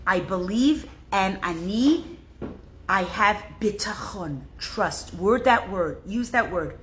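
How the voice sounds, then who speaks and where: A woman teaching a religious class, leading a slow, soothing meditation and lesson. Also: mid-range voice, a bit bright, a little hiss or hum.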